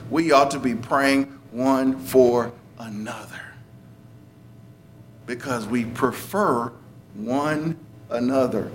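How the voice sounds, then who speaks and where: A man's voice: on the high side, a bit bright, slight background noise. A man preaching a sermon in a conversational way, chuckling and lifting his voice for emphasis.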